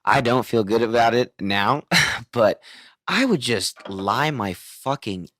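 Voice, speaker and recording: A man's voice: mid-range voice, lively intonation, slow pace, pushed and bright, no room sound. A man hosting a podcast, telling a crude story with frequent swearing and laughter. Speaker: podcast host. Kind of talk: casual podcast chat.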